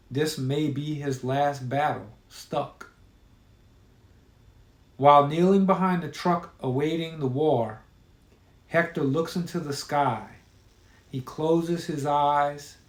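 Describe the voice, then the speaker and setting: Male storyteller reading horror, unhurried and grim, recorded in a roomy space. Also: a little high. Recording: roomy echo.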